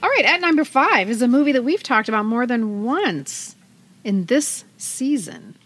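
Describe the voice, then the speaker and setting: A middle-aged woman co-hosting a podcast in casual chat, responsive and quick to agree. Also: fairly high pitch, sing-song, music in the background. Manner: responsive, many short agreements. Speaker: podcast co-host.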